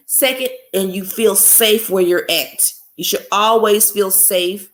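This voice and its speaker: A woman podcast host with a mid-range, slightly bright voice runs a live stream from an echoey room. She rants angrily and bluntly, swearing as she greets viewers in the chat.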